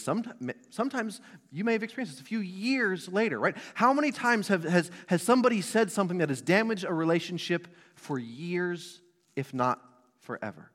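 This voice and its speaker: A man's voice: mid-range voice, fairly bright tone. A man in his thirties preaching a sermon to a church congregation, conversational and asking the room questions. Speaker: pastor. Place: church sanctuary. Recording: long reverb of a hall.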